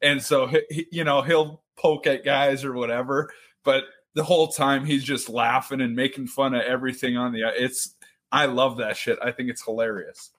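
Young man, co-host, casual chat, easygoing, mid-pitched voice. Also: steady tone, normal speed, a bit bright. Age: young adult. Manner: easygoing, swearing. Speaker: podcast co-host.

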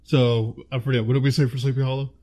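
A relaxed, mid-pitched man talking casually with a friend about old films. He chats loosely, laughs easily and stops to hunt for actors' names. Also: quick pace. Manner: chatty, laughs often, searches for names aloud. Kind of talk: casual chat.

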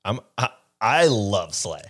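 A man's voice: lowish voice, sing-song, slow, fairly bright tone, slightly rough. A man co-hosting a podcast in casual chat, joking and swearing freely. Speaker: podcast co-host.

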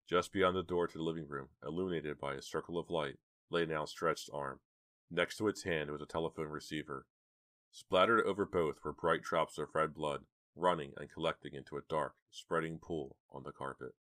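A man narrating a horror audiobook in a steady, measured storytelling manner. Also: extremely low pitch, no echo, clean studio sound.

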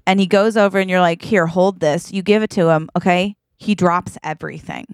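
A woman's voice: lowish voice, fairly even intonation, brisk, clear, resonant tone, no room sound. A woman co-hosting a podcast, improvising a comic story with a playful manner, laughing often and acting out the lines. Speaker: podcast co-host.

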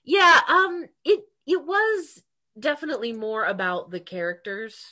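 A woman's voice: fairly high pitch, sing-song, moderate pace, fairly bright tone. A woman co-hosting a casual book chat, talking animatedly, laughing often and acting out characters' lines. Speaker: podcast co-host.

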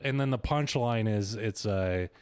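A man's voice: on the low side, a little slow, clear, resonant tone, dry recording. A young man in casual podcast chat, laid-back, with dry joking asides. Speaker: podcast co-host.

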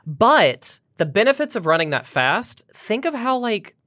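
Bright, giggly woman with a lively voice. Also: mid-range voice, unhurried, dry recording, clean studio sound. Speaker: co-host. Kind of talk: casual chat.

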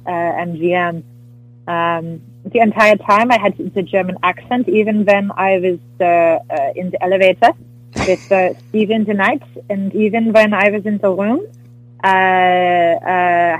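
Lively laughing woman, dry close mic. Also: mid-range voice, a little slow, no room sound, rough recording. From US Midwest. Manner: animated, laughing often, many fillers. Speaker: actress, guest. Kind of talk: casual interview storytelling.

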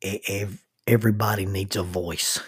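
A man with a husky, slightly low voice hosts his own podcast. He tells stories slowly and gently, in a soft, intimate delivery that sinks almost to a whisper. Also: steady tone. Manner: slow, soft-spoken storytelling with laughs; quiet, intimate delivery, dropping to near whisper. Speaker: podcast host. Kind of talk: reflective devotional podcast talk.

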